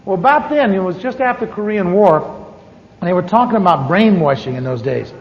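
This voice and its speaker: A middle-aged man tells a humorous testimony to a class, acting out the voices in his story. His voice sits high for a man and swings widely in pitch. The recording is dull and muffled, with a long hall echo. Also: brisk, a little hiss or hum. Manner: animated, acts out quoted voices. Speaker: church teacher. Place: large church hall. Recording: echoey hall, dull 1980s tape.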